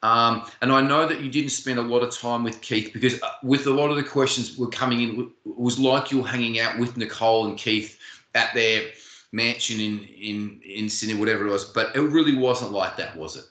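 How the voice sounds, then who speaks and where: A man's voice: mid-range voice, steady tone, fairly quick, pushed and bright, roomy sound. A man hosting an interview, rambling and stacking several questions at once. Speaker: interviewer host.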